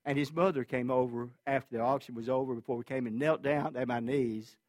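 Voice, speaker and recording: A man preaching a sermon as a pastor, telling a personal story earnestly and with feeling, his voice swinging between loud and hushed. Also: mid-range voice, fairly even intonation, brisk, dry recording, studio quality.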